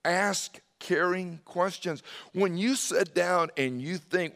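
A male preacher with a fairly high voice delivers an animated sermon. He swings from loud, emphatic bursts to hushed, quiet asides. He calls out to listeners by name as he goes. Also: takes it slowly, few pauses. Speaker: pastor.

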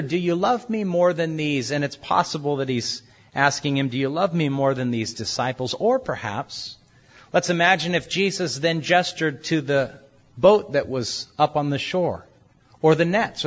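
A man preaching a sermon, explaining scripture and acting out the quoted speakers in a shifting voice. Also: highs cut off. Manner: expository, acts out the quoted speakers with shifting pitch and volume. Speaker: pastor.

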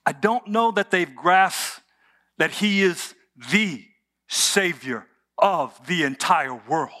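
A man's voice: a little high, bright, forceful tone. A man preaching a conversational sermon, telling the story with humor and asking the audience rhetorical questions. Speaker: pastor.

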